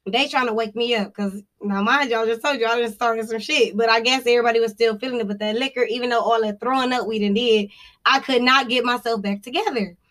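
A woman's voice: a little high, fairly bright tone. A woman co-hosting a podcast, telling a long personal story in casual, profane chat with bursts of laughter. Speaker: podcast co-host.

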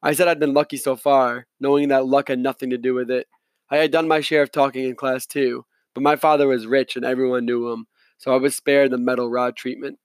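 A man reading a novel aloud in the first person, in a measured, reflective manner, close to the mic. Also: mid-range voice, level tone, dry recording. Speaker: audiobook narrator. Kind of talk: scripted narration, first person.

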